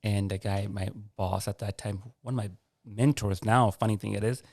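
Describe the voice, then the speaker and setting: A man, a podcast guest, telling a personal story in an earnest, animated way and acting out past conversations. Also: on the low side, normal speed. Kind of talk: personal story in a casual interview.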